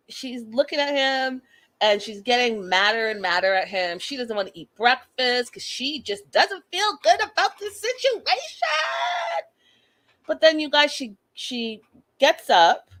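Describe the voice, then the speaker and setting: A woman hosting a casual reality TV recap, talking in an animated, exasperated, gossipy way. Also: medium pitch. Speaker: host.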